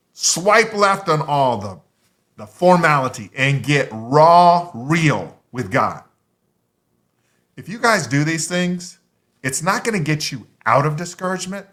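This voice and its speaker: A man giving a motivational talk, emphatic and conversational, with punchy repeated lines and drawn-out pauses. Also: fairly high pitch, a bit bright. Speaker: motivational speaker.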